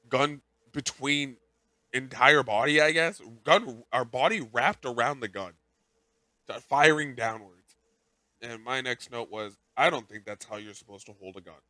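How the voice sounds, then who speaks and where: A man co-hosts a casual podcast in a bright, forceful, mid-range voice, recapping an episode in a rambling, animated way and occasionally jumping into character quotes. The mic is close and dry, with no echo or room sound.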